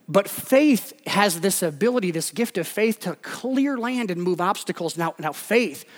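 A man with a high voice delivers a sermon in a loose, talky way and keeps breaking into quick acted-out quotes. His voice rings out with the long reverb of a large hall, as in a church sanctuary. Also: a bit bright. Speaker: pastor.

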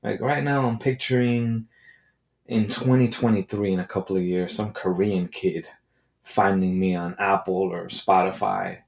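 A man hosting his own podcast in a casual, irreverent monologue, joking and swearing with quick asides. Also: sits low, steady tone, vocal fry, darkish tone. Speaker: podcast host.

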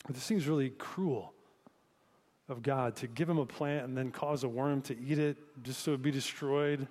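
A man's voice: mid-range voice, steady tone, measured pace, darkish tone. Male pastor preaching in a reverberant hall. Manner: conversational, asks listeners reflective questions. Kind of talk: sermon.

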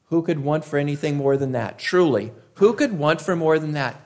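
Man, preacher, sermon, emphatic, repeats phrases, deliberate pauses. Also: fairly high pitch, lively intonation.

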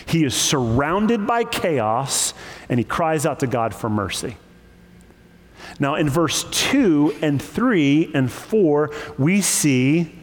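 A man preaching a sermon, lively and emphatic, with joking asides. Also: fairly high pitch, in a large hall. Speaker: pastor.

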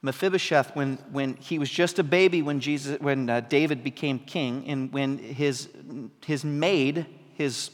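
A pastor preaching a sermon in a conversational style, asking the congregation questions and building to emphatic peaks. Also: male voice, medium pitch, measured pace, hardly any pauses. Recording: long hall reverb.

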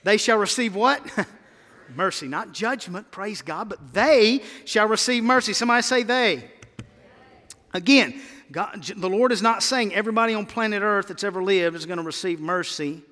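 A man preaching in a church sanctuary, his voice high and bright. He leans hard on key words and keeps prompting the congregation to answer back. A long hall reverb trails every phrase. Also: animated, normal speed. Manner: emphatic, calls for congregation responses. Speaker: pastor. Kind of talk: sermon.

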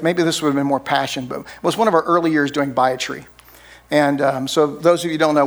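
Conversational pastor preaching, slightly high voice. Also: male voice. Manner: conversational, frequent "right?" tag questions. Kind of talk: sermon.

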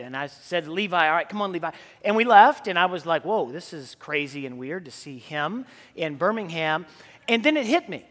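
A man's voice: high-pitched, bright, forceful tone. A man preaching a sermon as a priest, telling stories in a conversational way. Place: church sanctuary. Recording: long church reverb.

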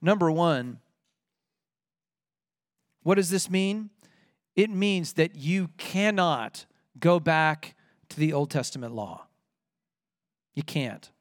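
High-voiced man preaching in a dry room. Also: fairly bright tone, dry recording. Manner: emphatic preaching, rising on quoted scripture. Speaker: pastor. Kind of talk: sermon.

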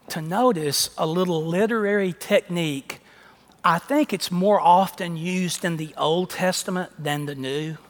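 A man's voice: high-pitched, a bit bright. A man preaching a sermon, emphatic, often repeating his phrases for emphasis. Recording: long echo of a large hall.

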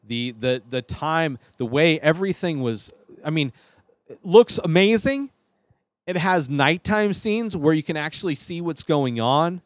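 A man with a somewhat high, lively voice, speaking at a normal pace, hosts his own show and rambles enthusiastically through a casual ranking of films, full of fillers and restarts. The studio sound is clean, with no echo.

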